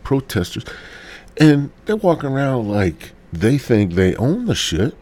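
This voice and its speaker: A man's voice: mid-range voice, sing-song, unhurried, dark tone. A man hosting a podcast solo, rambling and cursing in a casual, stoned rant while a bit sick. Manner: rambling, profane, sighing. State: sick with a cold. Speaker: podcast host.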